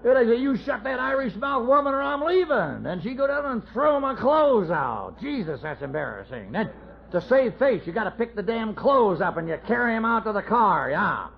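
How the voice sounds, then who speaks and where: A man's voice: sits high, big pitch swings, moderate pace, creaky. A middle-aged man telling his recovery story at a meeting, folksy and self-mocking with wry humor. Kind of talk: AA speaker talk, storytelling. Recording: dull lo-fi tape recording.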